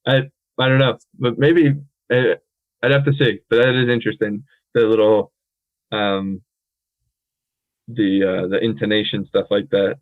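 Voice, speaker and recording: A man's voice: fairly low pitch, normal speed, pauses often, no room sound. American man, tinny phone-line sound. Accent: American English. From United States. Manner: relaxed, filler-heavy, says he speaks in a monotone. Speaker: podcast co-host. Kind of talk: casual chat. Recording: dry, phone-like audio.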